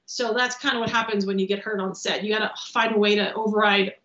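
Animated woman telling stunt stories. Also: medium pitch, fast talker. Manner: animated, acts out quotes, swears freely. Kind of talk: casual podcast storytelling. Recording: roomy, dull lo-fi podcast audio.

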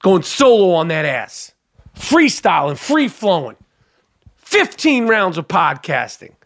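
A man hosting a solo comedic podcast, ranting in a profane, animated, mock-outraged way. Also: sits high, takes it slowly, no room sound, studio quality. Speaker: podcast host.

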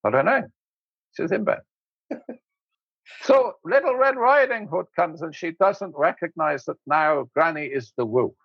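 A man, an interview guest, telling anecdotes in an animated way, laughing often and acting out voices. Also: a little high, measured pace, gravelly, long pauses, husky, no echo, highs cut off. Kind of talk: anecdotal storytelling.

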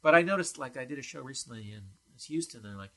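A man hosting a podcast from his apartment, chatting casually in a dry, halting, self-deprecating way. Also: medium pitch, expressive, bright, forceful tone. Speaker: podcast host and comedian. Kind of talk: casual chat.

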